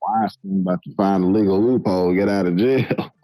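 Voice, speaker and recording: A man's voice: low-pitched, fairly quick, dark tone, dry recording, low-quality recording. A man co-hosting a podcast in casual chat, laid-back and mostly giving short agreeing replies. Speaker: podcast co-host.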